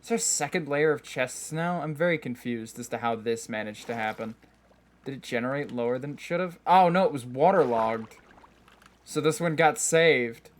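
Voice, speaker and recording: While live-streaming a game, this man talks in a relaxed, self-mocking way and laughs a lot. Keys clack in the background, and his medium-pitched voice moves at a normal pace.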